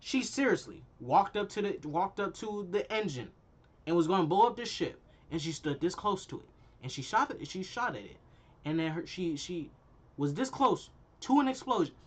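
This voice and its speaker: A man in his twenties, a YouTuber ranting in an exasperated, animated way with casual slang while reviewing a movie. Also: high-pitched, normal speed.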